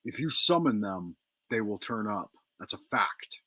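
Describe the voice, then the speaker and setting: A man's voice: on the low side, expressive, unhurried, bright, forceful tone, slightly rough, no echo. A middle-aged man hosting a casual livestream from home, rambling, repeating himself and thanking viewers. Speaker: livestream host.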